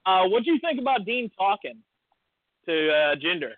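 Co-hosting a podcast, a man tells a rambling story in casual chat, performing the voices of its characters. His high-pitched voice swings widely in pitch at normal speed, coming through a tinny, phone-like, dry recording.

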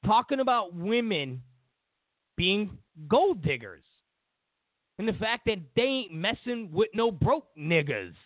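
Sarcastic high-pitched ranting man, tinny. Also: big pitch swings, slow, dry recording. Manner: sarcastic, exasperated, repeats "come on". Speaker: political commentary host. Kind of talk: ranting commentary monologue.

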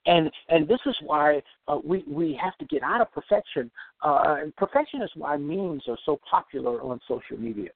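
An emphatic man gives a motivational talk, his voice swinging widely in pitch with a gravelly edge. He slows down to repeat key phrases. The sound is dry and tinny, like a phone line. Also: animated, no echo. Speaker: podcast host and self-improvement speaker.

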